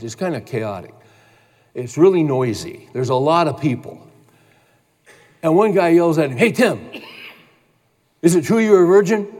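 A man preaching a sermon as pastor, telling a story in a casual, animated way. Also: medium pitch, big-room sound. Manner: storytelling, animated when quoting others.

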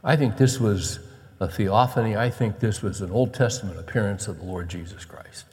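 A male pastor speaks at normal speed in a slightly mellow voice, drifting from casual asides into emphatic encouragement. He reads quoted scripture in a low tone, and a long reverb tail trails his words.

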